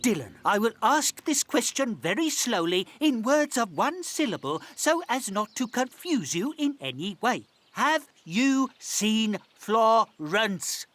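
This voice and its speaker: A woman's voice: fairly high pitch, very animated, moderate pace, few pauses, no echo. Dougal, a woman playing a huffy pompous dog. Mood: exasperated. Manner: exasperated, huffy, indignant. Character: grumpy, pompous male dog turned snail. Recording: music playing underneath.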